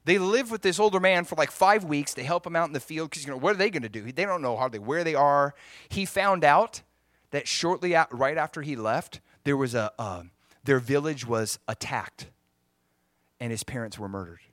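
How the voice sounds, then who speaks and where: A man's voice: on the high side, normal speed, dry recording. Man telling a story as a sermon. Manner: animated, acts out quoted voices.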